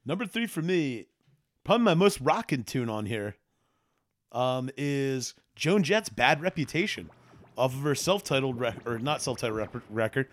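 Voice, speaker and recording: A man's voice: medium pitch, moderate pace, soft background music. A man co-hosting a podcast, chatting casually and animatedly with frequent laughs. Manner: animated, laughs often, quotes scenes in put-on voices. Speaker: podcast co-host. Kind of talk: casual chat.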